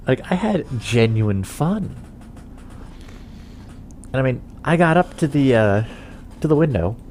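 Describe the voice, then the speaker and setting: A man's voice: mid-range voice, sing-song, slow, pauses often, darkish tone, a little hiss or hum. A young man chatting casually while playing a game, rambling with chuckles and lots of fillers. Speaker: gaming channel host.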